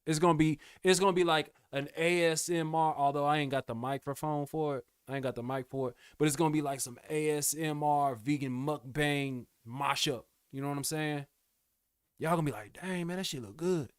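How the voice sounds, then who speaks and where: A man's voice: on the high side, fairly even intonation, a little fast, clear, resonant tone, no room sound, studio quality. A young man chatting casually with his live-stream viewers, laid-back and slangy, calling them bro and y'all. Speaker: music producer streamer.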